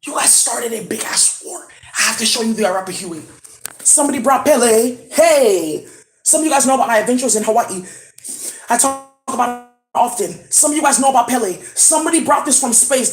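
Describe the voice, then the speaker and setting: A woman's voice: on the high side, expressive, a little fast, reverberant, soft background music. A woman talking in a rambling, intense way in a casual home vlog as a spiritual reader. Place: at home indoors.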